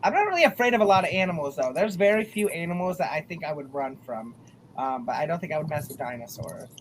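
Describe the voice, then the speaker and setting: A young man from the American South spins outrageous childhood stories with a shrug in his voice, as if nothing in them were unusual. His talk is relaxed and matter-of-fact, broken by easy laughs, over a faint noise floor. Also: on the high side, fast talker. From Southern US, North Carolina. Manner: nonchalant, deadpan storytelling with laughs. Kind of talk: casual storytelling chat.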